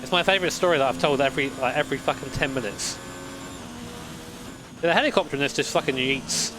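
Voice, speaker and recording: A man's voice: mid-range voice, quick pace, noisy background. Chatty sweary guy in his late twenties. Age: late 20s. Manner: chatty, swears freely, rambling anecdotes. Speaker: sim racing streamer. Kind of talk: casual live-stream chat.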